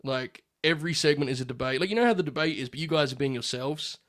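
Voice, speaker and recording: A man co-hosting a casual wrestling chat show, relaxed and wry as he builds joke scenarios. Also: on the high side, fast talker. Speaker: podcast co-host.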